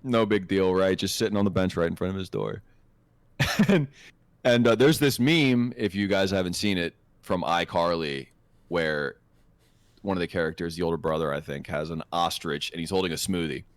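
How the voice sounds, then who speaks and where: A man co-hosting a podcast, telling a profane, animated anecdote in a casual chat. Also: low voice, moderate pace, dry recording. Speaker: podcast co-host.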